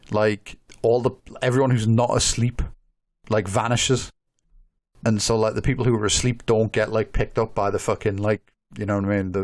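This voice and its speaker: A man co-hosting a podcast in casual chat, rambling with lots of swearing and filler words. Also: lowish voice. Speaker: podcast co-host.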